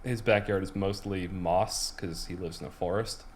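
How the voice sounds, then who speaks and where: Man, fairly low voice, podcast co-host, casual chat, rambling, frequent restarts. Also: fairly even intonation, moderate pace, a little hiss or hum. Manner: rambling storyteller, many restarts and fillers.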